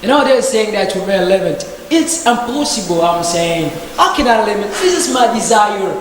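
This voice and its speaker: A man's voice: sits high, big pitch swings, moderate pace. Man, emphatic debater, indignant rhetorical questions; very reverberant hall, faint hiss. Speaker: debate participant. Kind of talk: impassioned speech in a discussion group. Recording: very echoey hall with faint background noise.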